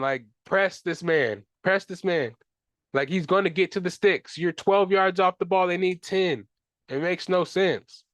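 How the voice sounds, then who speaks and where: A man's voice: a little high, a bit bright, no echo. A young man hosting a solo sports podcast, ranting in frustration with casual slang and profanity. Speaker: podcast host.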